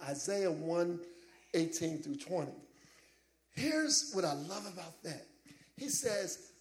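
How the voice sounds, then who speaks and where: A male preacher with a high, lively voice that swings up and down as he drives his points home. He talks at an unhurried pace in a loose, conversational sermon style, with laughing asides and calls for amens. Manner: animated, laughing asides, asks congregation "Amen?".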